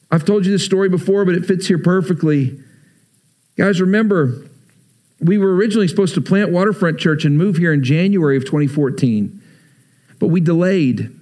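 A man in his thirties preaching a sermon, talking to the congregation like a friend, shifting between loud urging and quiet, heavy stretches. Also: high voice, expressive, normal speed. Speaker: pastor.

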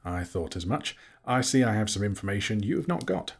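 A man voicing a polite, fussy male hobbit who talks in a brisk, businesslike, genteel way, a little husky. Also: on the low side, lively intonation.

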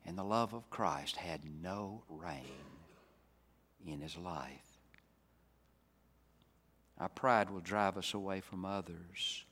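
A man preaching a sermon, swinging from loud, emphatic climaxes down to soft, low passages. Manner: dynamic, rising to loud emphatic peaks then dropping soft. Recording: reverberant hall.

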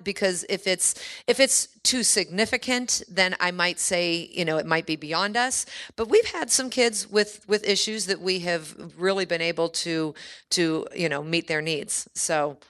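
A woman's voice: fairly low pitch, sharp tone. A woman who runs a kids camp, speaking earnestly and enthusiastically at a church meeting and answering questions from the audience.

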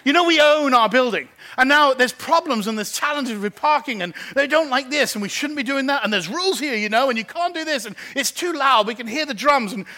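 A man preaching as pastor, telling a story and acting out the people in it, animated and lively. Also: very high-pitched, fairly quick, few pauses. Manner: animated, acts out phone conversations. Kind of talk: sermon storytelling. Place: church.

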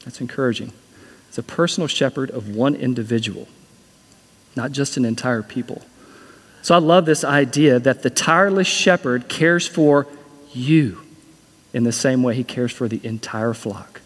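Male pastor, mid-pitched, earnest sermon delivery with repeated phrases, reverberant church room. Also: moderate pace, husky.

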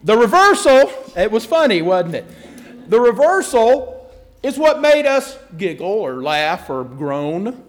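A man's voice: sits high, big pitch swings, slow. A man pastor giving a conversational sermon, telling a joke with self-deprecating asides.

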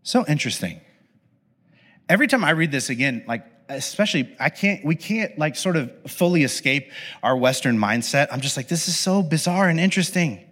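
A man preaching a conversational, animated sermon with casual asides to his listeners. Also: medium pitch, normal speed. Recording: long hall reverb.

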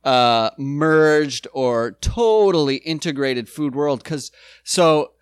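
Animated, talkative man on a dry mic. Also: on the high side, slow pace, clear, resonant tone, dry recording. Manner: animated, quotes characters, restarts often. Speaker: podcast co-host. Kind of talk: casual chat recapping a sitcom episode.

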